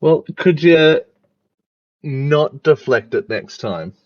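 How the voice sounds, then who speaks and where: A man's voice: fairly high pitch, lively intonation, takes it slowly, a little mellow, no echo. A man casually playing a tabletop game in a playful, easygoing way. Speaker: player. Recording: dull, dry lo-fi mic.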